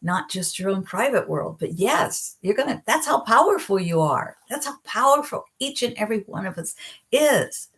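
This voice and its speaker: A middle-aged woman hosting a psychic advice live stream, talking earnestly and gently and slowing down at heartfelt points. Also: medium pitch, big pitch swings. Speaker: psychic video host. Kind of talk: reflective live-stream talk.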